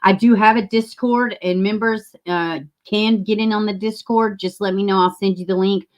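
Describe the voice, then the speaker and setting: A woman's voice: medium pitch, fairly even intonation, moderate pace, darkish tone. A woman hosting a livestream, chatting casually and rambling, with casual swearing. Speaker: livestream host.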